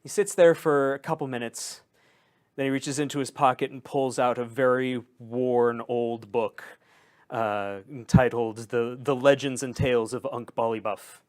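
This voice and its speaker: A man playing a tabletop game, narrating his character in a hesitant, halting way. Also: mid-range voice, steady tone, darkish tone. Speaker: player. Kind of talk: tabletop role-play narration.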